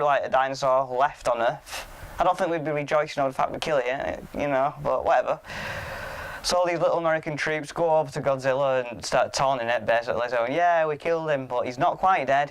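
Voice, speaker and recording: A man's voice: medium pitch, fairly quick, clear, resonant tone. A young man casually recapping a film plot, rambling and sweary, often sounding mock-incredulous. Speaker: podcast host reviewing a film.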